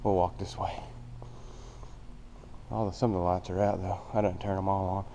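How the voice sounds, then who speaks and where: A man with a deep, low voice walks a handheld camera through a big empty factory. His talk is casual and plainspoken and rambles along with fillers. A faint hum sits under his voice. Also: little pitch movement, moderate pace, mellow. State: out of breath. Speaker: vlogger touring a building. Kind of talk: casual walkthrough narration. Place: large empty old factory, indoors.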